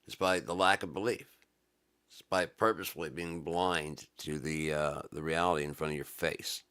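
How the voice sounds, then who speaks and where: A middle-aged man giving a casual religious monologue, reading scripture slowly and riffing on it in blunt, profane everyday talk. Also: rumbling low, steady tone, pushed and bright, smooth. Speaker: religious commentator.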